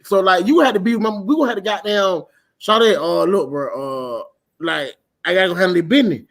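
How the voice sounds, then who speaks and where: A young man with a high-pitched voice hosts a casual talk show. He tells stories loudly and profanely, breaking into shouted bursts as the tale builds. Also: brisk. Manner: loud, profane, animated storytelling with shouted bursts. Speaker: podcast host. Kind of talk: casual storytelling chat.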